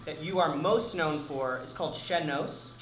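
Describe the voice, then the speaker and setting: A man's voice: fairly high pitch, a little slow, a bit bright, soft background music. A young man hosting a student talk show, earnestly asking prepared interview questions. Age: young adult. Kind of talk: casual interview. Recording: echoey room with hiss.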